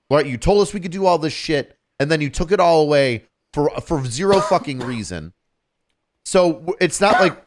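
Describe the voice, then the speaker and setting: A man in his thirties tells a story on a podcast in a loose, swearing, animated manner. His voice sits a little high for a man, and he gets loud and exasperated as he goes. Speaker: podcast co-host telling a story. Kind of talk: casual storytelling chat.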